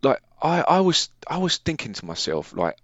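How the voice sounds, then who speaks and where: A man's voice: on the high side, very animated, normal speed, fairly bright tone, no echo. A man in his thirties, chatting casually as a podcast co-host, rambling with lots of restarts and fillers. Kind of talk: casual chat. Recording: muffled dry sound.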